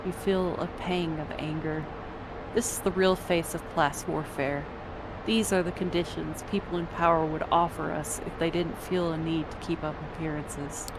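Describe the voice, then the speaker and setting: A woman narrating a story in the second person, measured and descriptive. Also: deep voice, steady tone, noisy background.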